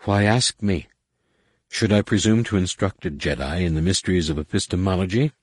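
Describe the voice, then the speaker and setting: An enigmatic female alien speaks in a slow, measured, cryptic way, calm and faintly mocking, as a male audiobook reader puts her on. The voice sits low and husky. It sounds dry and close. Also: no echo. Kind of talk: audiobook narration.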